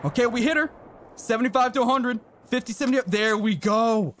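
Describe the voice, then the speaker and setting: A man streaming a hunting game, chatting casually and excitably with viewers and swearing now and then. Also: very high voice, a little fast, noisy background. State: briefly out of breath. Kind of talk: casual live-stream commentary.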